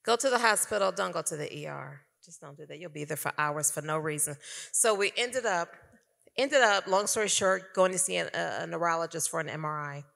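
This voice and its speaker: A middle-aged woman tells her testimony to a conference crowd with a crisp, forceful tone and a gravelly edge. She is an animated storyteller who keeps turning to talk to the audience. Her stage mic carries a long echo through the hall. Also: fairly low pitch, fairly quick. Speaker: conference speaker giving testimony. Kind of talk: personal testimony to a live audience.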